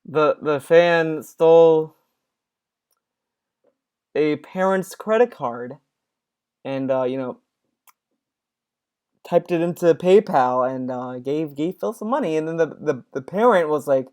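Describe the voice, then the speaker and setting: A man's voice: a little high, takes it slowly, pauses often, a little mellow, smooth. A man doing casual reaction commentary, rambling and sarcastic, with many restarts. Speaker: commentary streamer.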